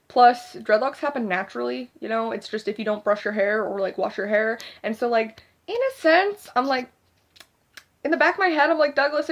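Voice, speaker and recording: A young woman vents in a loose, swearing vlog rant, her voice sitting a little high for a woman. She rambles and circles back, peppering almost every phrase with "like". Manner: rambling and profane, constant filler "like". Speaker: vlogger. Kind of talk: casual ranting vlog monologue.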